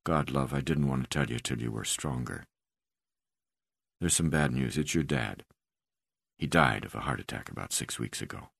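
An actor reading an audiobook, voicing a gentle, worried husband who speaks quietly and tenderly. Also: male voice, extremely low pitch, normal speed, gravelly, long pauses, no echo, pitched below the performer's own voice, exaggerated voice. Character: gentle worried husband, soft-spoken field researcher.

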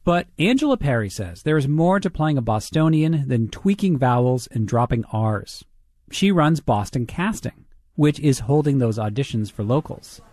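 A man's voice: medium pitch, very animated, normal speed, a little mellow, dry recording. Man hosting a radio feature, dry studio sound. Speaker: radio host. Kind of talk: scripted radio narration.

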